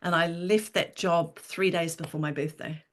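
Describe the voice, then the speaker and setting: A woman in her sixties, a writer and interview guest, telling her story with lively energy and frequent laughter. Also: fairly low pitch, moderate pace. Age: 60s. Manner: animated storyteller, laughs often.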